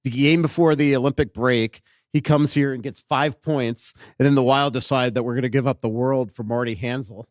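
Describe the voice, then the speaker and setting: A man hosts a relaxed hockey chat in front of a live crowd. He tells stories with energy and acts out quotes in the middle of sentences. His voice sits in a middle register and sounds close and dry. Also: medium pitch, normal speed, no echo. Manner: animated storyteller, acts out quotes. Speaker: podcast host and hockey writer. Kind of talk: casual chat before a live audience. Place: live podcast in front of an audience.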